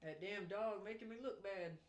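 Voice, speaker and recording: A man's voice: sits high, normal speed. A man co-hosting a podcast, chatting casually with crude, joking banter. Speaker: podcast co-host. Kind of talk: casual chat. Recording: echoey room with faint noise.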